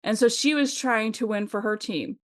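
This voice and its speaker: A woman's voice: a little high, normal speed, a bit bright. Chatty middle-aged woman podcast co-host. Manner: chatty, rambling, laughs often, many fillers. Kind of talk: casual chat.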